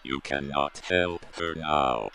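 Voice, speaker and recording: Super deep gravelly brick golem, slow flat monotone, storybook. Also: male voice, a little hiss or hum, exaggerated voice.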